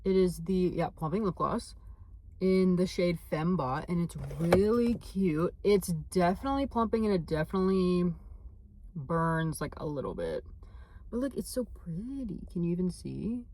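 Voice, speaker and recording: A woman's voice: on the low side, expressive, normal speed, dark tone, a little hiss or hum. Bubbly, gushing young woman vlogging. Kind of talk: casual vlog chat to camera. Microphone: phone camera.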